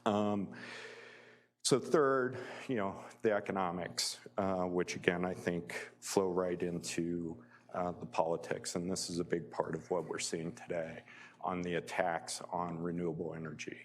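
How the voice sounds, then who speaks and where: A man's voice: low-pitched, flat delivery, unhurried. A man giving a public lecture as a guest speaker, conversational and full of fillers, often chuckling as he tells personal stories.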